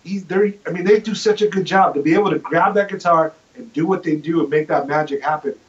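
A man's voice: a little high, fast talker, muffled recording. A man telling a story as a guest on a casual chat show, enthusiastic and rambling, often restarting his sentences. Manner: enthusiastic, rambling, self-correcting.

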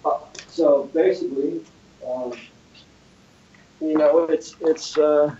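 A guitarist and inventor, guesting on a casual interview in a home studio, tells an animated story and acts out the other people's lines. His voice is fairly high and unhurried, and the audio sounds dull.

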